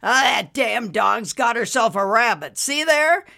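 A woman voicing a cranky older man in a wheelchair who yells and curses, in a storybook reading. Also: fairly high pitch, expressive, unhurried, vocal fry, voice pushed up, full character voice. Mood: gruff. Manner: yelling, cursing.

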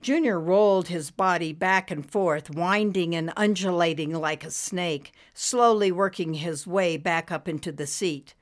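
A woman narrating a story in a steady, plain reading voice. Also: on the low side. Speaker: audiobook narrator.

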